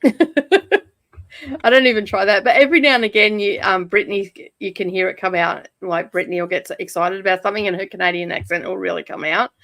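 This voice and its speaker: A woman's voice: mid-range voice, a little fast, fairly bright tone. An Australian woman hosting a reading sprint, chatting casually over a video call in a rambling, giggly way with lots of fillers. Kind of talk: casual chat.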